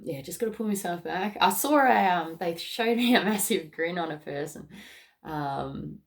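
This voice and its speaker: A woman's voice: on the low side, animated, moderate pace, gravelly. An Australian woman with a cough, giving a casual, bubbly spiritual card reading full of slang and laughter. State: has a cough. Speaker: tarot card reader.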